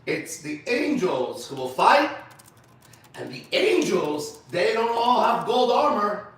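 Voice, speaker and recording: A man's voice: sits high, big pitch swings, slow, fairly bright tone. A man preaching to a men's group, blunt and emphatic, repeating phrases for stress. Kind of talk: sermon-style teaching. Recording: very echoey room, voice far from mic.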